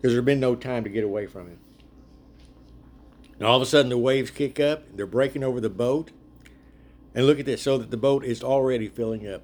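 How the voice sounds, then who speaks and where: Chatty man leading a Bible study. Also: medium pitch. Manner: chatty, laughs often, animated retelling. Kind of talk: casual group Bible teaching.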